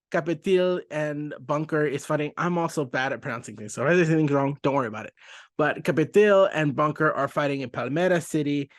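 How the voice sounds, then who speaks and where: A man's voice: fairly high pitch, dry recording, studio quality. A man hosting a casual comic book review, talking in a chatty, self-interrupting way and laughing easily. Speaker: comic book podcast host.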